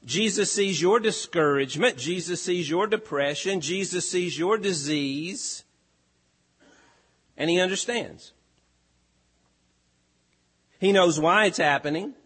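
Preacher, male, measured emphatic delivery, slightly high voice, long hall reverb. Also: fairly bright tone, husky. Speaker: pastor. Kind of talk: sermon.

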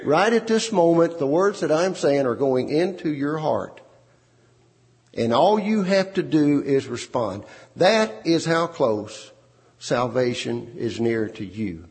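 A man's voice: a little high, big pitch swings, takes it slowly, a little mellow. A man preaching a sermon, repeating words and phrases for emphasis. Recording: long hall reverb.

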